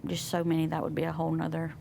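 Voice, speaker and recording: A woman guest sharing a personal testimony in conversation, soft and reflective, pausing often. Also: low-pitched, completely flat delivery, gravelly, slight background noise. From Southern United States. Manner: soft, reflective, with many pauses and fillers. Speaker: interview guest.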